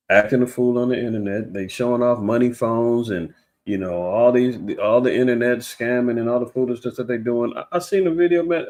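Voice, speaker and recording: With a darkish tone, this man delivers rambling, preachy religious commentary online. He frequently starts over and imitates people mockingly in a raised pitch.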